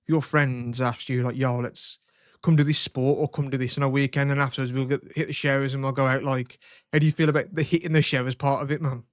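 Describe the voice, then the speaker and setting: A man's voice: medium pitch, little pitch movement, quick pace, no room sound, clean studio sound. A young man hosting a podcast, telling crude rambling stories in casual chat. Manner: rambling storytelling, swears a lot. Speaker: podcast host.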